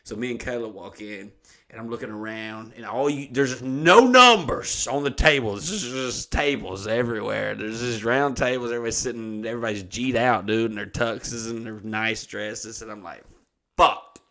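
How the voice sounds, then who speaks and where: A man's voice: medium pitch, moderate pace, sharp tone. A young man hosting a podcast, telling a rambling, profane story and admitting he is a bit drunk. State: slightly drunk. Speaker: podcast host, comedian. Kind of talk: casual chat, storytelling.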